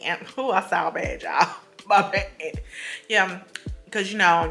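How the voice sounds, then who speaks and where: A gossipy woman talks through a reality-show recap in a lower-pitched voice. She strings her points together with fillers and side comments. Faint music plays underneath. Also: slow, vocal fry, long pauses, sharp tone. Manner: chatty, gossipy, full of fillers and asides.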